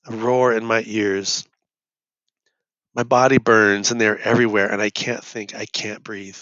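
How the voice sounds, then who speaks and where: A young man reading a novel chapter aloud in first person, his steady narration turning urgent in the tense passages. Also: on the low side, measured pace, no echo. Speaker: reader. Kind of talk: audiobook reading. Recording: dull lo-fi dry recording.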